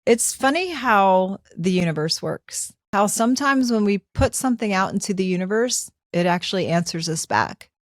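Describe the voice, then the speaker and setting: A woman's voice: mid-range voice, moderate pace, few pauses, no echo. Storytelling woman host in her fifties, dry sound. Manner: animated, conversational, acts out her own thoughts. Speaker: podcast host. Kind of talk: personal storytelling.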